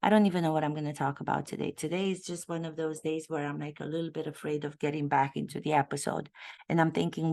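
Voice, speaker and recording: A woman's voice: deep voice, steady tone, quick pace, vocal fry, darkish tone. A woman from Romania, an acting coach, giving emphatic, sarcastic commentary in a vlog and repeating phrases for effect.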